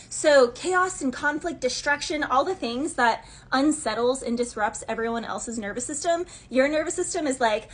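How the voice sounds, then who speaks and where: Chatty woman tarot reader with a high, sassy delivery. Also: fairly bright tone, breathy edge. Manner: chatty and sassy, voicing imagined gossips. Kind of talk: casual tarot reading monologue.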